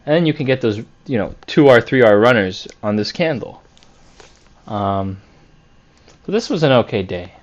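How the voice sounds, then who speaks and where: A man's voice: medium pitch, expressive, moderate pace, pauses often, highs cut off. A man reviewing his week of trades on a chart, candid and self-critical, thinking aloud with fillers and restarts. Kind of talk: screen-share trade review.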